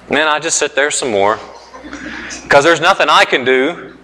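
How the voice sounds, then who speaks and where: Middle-aged male pastor, sermon delivery, earnest storyteller, slightly high voice with long hall reverb. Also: lively intonation, normal speed, long pauses, bright, forceful tone, a little hiss or hum. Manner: earnest storytelling preacher, repeats phrases for emphasis.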